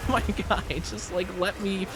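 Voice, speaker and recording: A man's voice: sits high, slow, music in the background. A young man chatting playfully with his chat while streaming a game. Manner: playful, excitable, reacts loudly to chat. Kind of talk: casual game livestream chat.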